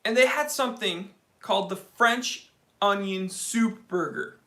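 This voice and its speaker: A young man with a voice that sits high hosts a casual livestream at a measured pace. He tells a story as an animated comic rant, addressing viewers by name.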